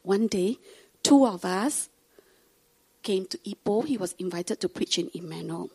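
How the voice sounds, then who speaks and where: A woman's voice: medium pitch, unhurried, slightly rough. A woman telling a testimony story in a sermon, acting out the voices of family members. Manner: animated, acts out quoted voices.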